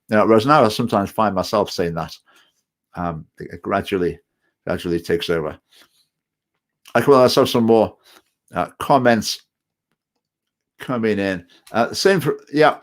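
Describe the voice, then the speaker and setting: A party chairman from Stoke-on-Trent, England, reads out viewer comments in a casual live-stream chat, his local accent sprinkled with some Scottish phrases. His voice sits on the low side and is animated, though he's hesitant, repeats words, and drifts into opinionated digressions.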